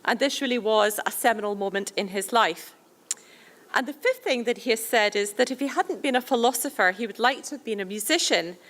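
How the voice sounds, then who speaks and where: Lady host doing a chatty intro for the speaker, voice a bit on the high side. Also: a little fast, a bit bright. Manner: chatty, with fillers and restarts.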